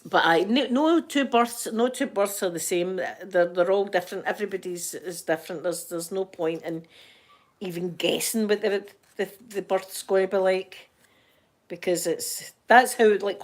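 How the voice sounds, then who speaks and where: Middle-aged Scottish woman, channel host, chatty and rambling with frequent laughs. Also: on the low side. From Scotland. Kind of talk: casual chat to viewers.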